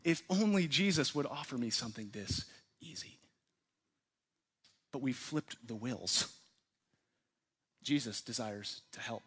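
A man preaching a sermon to his church, earnest, putting questions to the listeners and swinging from forceful emphasis to hushed, quiet phrases. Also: mid-range voice, lively intonation, a little slow, pauses often, breathy edge. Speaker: pastor.

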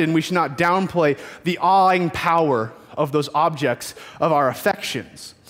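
A man's voice: on the high side, long reverb tail. A man preaching a sermon as youth pastor, telling stories earnestly with emphatic repetition, in a church.

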